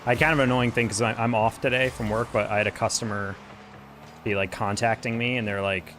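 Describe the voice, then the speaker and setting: A man's voice: medium pitch, fairly even intonation, fast talker, a bit bright, a little hiss or hum. A man streaming a game, chatting casually and venting in a rambling, conversational way. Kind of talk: casual chat while gaming.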